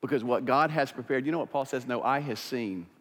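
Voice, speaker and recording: A man preaching a sermon as pastor, swinging from quiet, intimate stretches to loud, fired-up passages. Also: mid-range voice, a little fast, long reverb tail.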